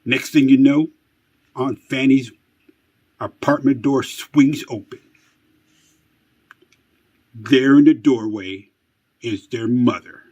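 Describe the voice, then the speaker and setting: A man telling a family story as mock-suspense narration, dramatic and hushed at times, with wry self-mocking asides. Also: mid-range voice, slightly rough, dull audio. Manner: dramatic, slow and hushed, building to excited outbursts.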